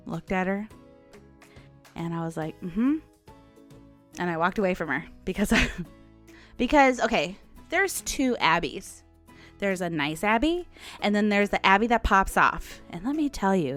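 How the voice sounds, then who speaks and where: Lady in her 40s chatting on a podcast, voice bouncing all over, bit of music under it. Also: on the low side. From United States. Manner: animated, chatty, laughs often, acts out quotes. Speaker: podcast host. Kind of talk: casual storytelling monologue.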